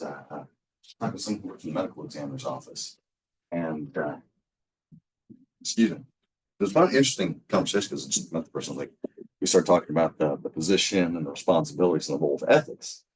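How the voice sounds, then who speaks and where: Deep-voiced man lecturing from a distance. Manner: rambling, casual, many fillers and restarts. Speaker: instructor. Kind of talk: recorded classroom lecture.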